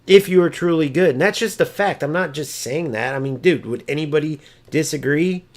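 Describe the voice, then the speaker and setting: Male streamer, fairly high voice, heated mocking rants during live gameplay, salty and profane. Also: brisk. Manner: ranting and mocking, swears freely; mimics opponents in a high sneering voice. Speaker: gaming streamer. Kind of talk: live gameplay commentary and chat.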